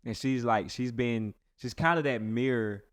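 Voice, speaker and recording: A man's voice: mid-range voice, measured pace, no echo, studio quality. A man who is a pastor, talking earnestly and casually in a rambling way with many restarts. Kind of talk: casual podcast chat.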